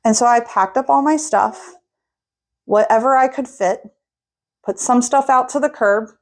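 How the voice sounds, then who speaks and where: A young woman casually telling a personal story, getting animated as she recounts an argument. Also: a little high, a little slow.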